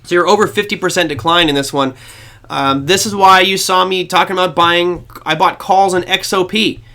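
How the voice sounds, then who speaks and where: Bright-voiced chatty male trading host. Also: high-pitched, fairly even intonation, moderate pace. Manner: rambling, chatty, self-deprecating. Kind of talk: casual market commentary to viewers.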